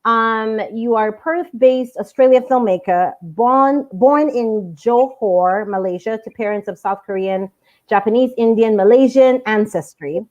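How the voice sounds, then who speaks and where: A woman's voice: fairly high pitch, measured pace, darkish tone, muffled recording. A woman hosting a live online interview, bubbly and enthusiastic, laughing often. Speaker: host.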